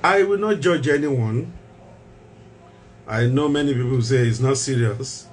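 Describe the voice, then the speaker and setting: A man's voice: medium pitch, a little slow, long pauses, slight background noise. Emphatic male mental health show host. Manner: emphatic, repeats key phrases, rhetorical questions.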